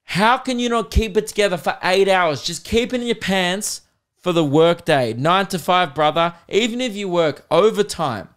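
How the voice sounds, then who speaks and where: A man's voice: high voice, animated, moderate pace, a bit bright. A young Australian man hosting a podcast, ranting crudely and sarcastically between laughs. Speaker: podcast host and comedian. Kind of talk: casual comedic rant.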